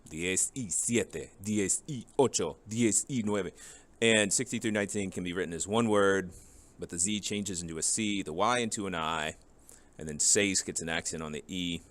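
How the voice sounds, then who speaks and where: A man's voice: sits low, moderate pace, fairly bright tone. A man teaching a beginner Spanish lesson, patiently explaining and drilling words one at a time. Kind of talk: classroom video lesson.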